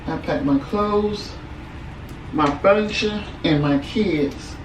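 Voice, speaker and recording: A woman's voice: mid-range voice, takes it slowly. A woman recounting a personal story in a storytime vlog, talking emphatically and conversationally. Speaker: vlogger telling a personal story. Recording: roomy echo, mic at a distance, faint background hum.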